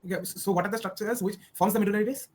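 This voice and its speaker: A woman's voice: mid-range voice, fairly even intonation, racing, a little mellow. A young woman with an Indian accent asking quiz questions, probing and steering the contestant with short prompts.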